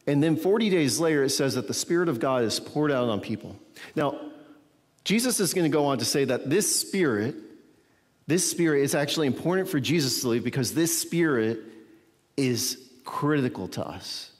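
A man's voice: mid-range voice, expressive, moderate pace, in a large hall. A man preaching a sermon as a pastor, teaching from scripture in a conversational way and often checking in with his listeners.

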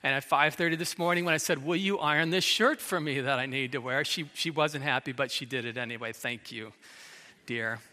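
A man's voice: medium pitch, brisk, bright, forceful tone. A middle-aged man preaching a sermon, telling the story dramatically and acting out the quoted lines. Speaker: pastor. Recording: long hall reverb.

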